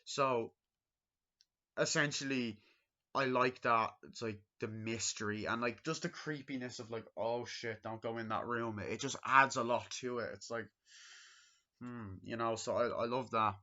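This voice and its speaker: A man's voice: mid-range voice, steady tone, a little slow, sharp tone. A man giving a casual, rambling movie review full of fillers, on a dull lo-fi recording. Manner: rambling, filler-heavy retelling.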